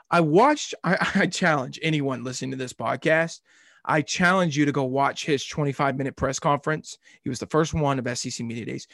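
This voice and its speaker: A man's voice: a little high, fairly bright tone. A man co-hosting a sports podcast in casual chat, joking and teasing.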